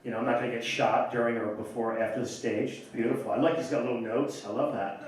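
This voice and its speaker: A man's voice: mid-range voice, steady tone, quick pace. A man doing stand-up comedy in a club, teasing the audience with brash, crude banter. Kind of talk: stand-up comedy with crowd work. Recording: echoey club from far off.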